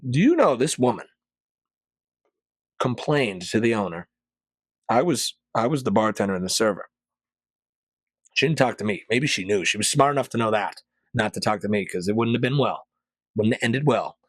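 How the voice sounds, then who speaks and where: A man hosting a podcast, ranting sarcastically in a casual monologue and jumping to loud, high peaks. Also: lively intonation, normal speed, pauses often, slightly rough, dry recording. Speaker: podcast host.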